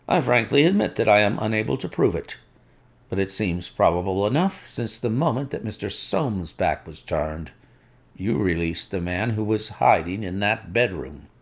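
A man voicing a calm, suave male detective who speaks in a measured, firm way. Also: lowish voice, gravelly, heavily acted. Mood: commanding.

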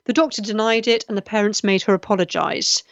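A woman's voice: mid-range voice, a little fast, no echo, dull audio. A middle-aged woman from the West Country of England, hosting a live chat show and reading out viewers' comments in an earnest, chatty way. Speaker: host.

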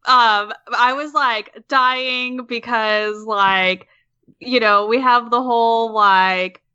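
A woman's voice: on the high side, fairly even intonation, takes it slowly, bright, forceful tone, clean tone, no echo, highs cut off. A woman guest on a podcast, enthusiastic and rambling, with many fillers. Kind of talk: casual podcast chat.

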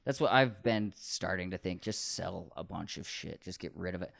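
A man's voice: low-pitched, moderate pace, creaky, a bit bright, dry recording, clean studio sound. Casual, cursing man chatting on a podcast. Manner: loose, swears a lot, trails off. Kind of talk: casual chat.

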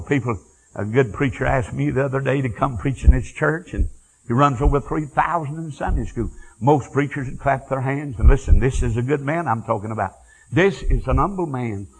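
An older man preaching a fiery revival sermon, moving from quiet storytelling to shouted praise. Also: medium pitch, husky, low-quality recording. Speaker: evangelist.

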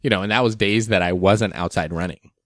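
A young man in casual conversation, speaking in a somewhat low register. He rambles easily with fillers and small laughs. The sound is close and dry with no room around it. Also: fairly quick, dry recording. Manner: relaxed, chatty, with fillers and laughs. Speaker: podcast co-host. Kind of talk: casual chat.

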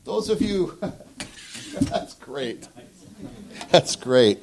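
A male pastor preaching to his congregation. He is lively and joking, and his pitch rises sharply whenever he mimics someone self-righteous. He has a mid-range voice and a conversational pace. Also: extremely slow, noisy background. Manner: animated, mocking voices for examples. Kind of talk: sermon. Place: church before a live congregation.

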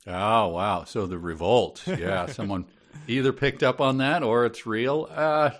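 A man's voice: medium pitch, unhurried. A man guessing in a casual quiz, musing, hesitant and jokey. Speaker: quiz contestant. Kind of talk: casual chat.

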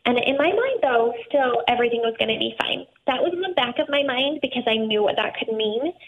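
A woman with a high voice tells a painful personal story, tearful and close to breaking. Her voice has a gravelly fry. She comes through a thin, phone-like line. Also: animated, fairly quick. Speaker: guest.

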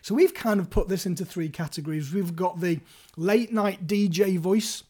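A man's voice: high voice, moderate pace, mellow, breathy edge. A man hosting his own podcast, talking listeners through negotiating skills in a playful, chatty way that speaks straight to them. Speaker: podcast host. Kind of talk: solo podcast coaching talk.

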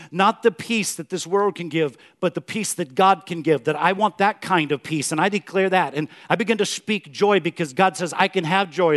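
A male pastor preaching a sermon in church, swinging from loud emphatic declarations to hushed, soft questions. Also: a little high.

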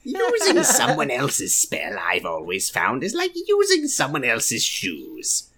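A man's voice: medium pitch, huge pitch swings, takes it slowly, pushed and bright, breathy edge. A man co-hosting a comedy podcast, his voice swinging widely up and down as he jokes. He laughs often between his lines. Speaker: podcast co-host. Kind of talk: casual comedic chat.

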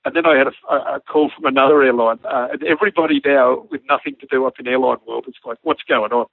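Australian male storyteller, gravelly, dry phone-like sound; acts out radio calls and laughs through the tale. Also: medium pitch, fairly even intonation, quick pace, dry recording. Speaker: former army helicopter pilot telling a story. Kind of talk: casual anecdote.

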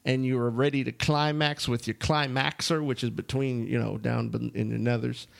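A man's voice: medium pitch, flat delivery, moderate pace, gravelly, no echo. A man co-hosting an adult-themed talk radio show, rambling and joking crudely. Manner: rambling, bawdy, jokey. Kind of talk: casual radio banter.

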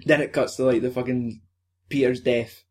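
A man's voice: medium pitch, level tone, moderate pace, a little mellow. A young man, casually recapping a film in a rambling, sweary way with frequent laughs.

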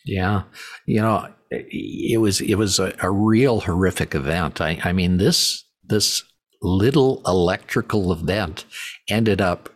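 Deep husky-voiced male host. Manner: halting, repeats words, emphatic. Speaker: podcast host. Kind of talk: interview conversation.

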